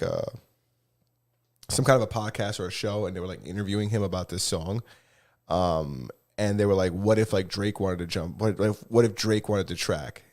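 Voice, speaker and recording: A young man from New York co-hosting a podcast, talking in a casual, animated, rambling way with lots of restarts. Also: on the low side. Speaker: podcast co-host. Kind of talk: casual chat.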